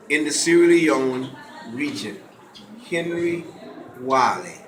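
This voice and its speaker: A man's voice: a little high, noisy background. A middle-aged man gives a lecture to a live audience and leads call-and-response. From Gullah Geechee coast of the US. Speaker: lecturer and author. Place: college hall, indoors. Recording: echoey hall with faint ambience.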